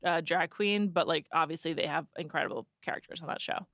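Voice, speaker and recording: A young adult woman co-hosting a casual podcast, giving lively opinions in a chatty way. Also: low-pitched, a little fast, no echo, studio quality. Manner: lively, opinionated, frequent "like" and restarts. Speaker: podcast co-host. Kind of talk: casual chat.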